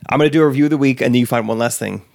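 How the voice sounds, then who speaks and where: Young american dude hosting a podcast, jokey and laid back, gravelly, dry sound. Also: male voice, mid-range voice, very fast, darkish tone, no echo. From United States. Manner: jokey, easygoing, laughs often. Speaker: podcast host. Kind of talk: casual chat.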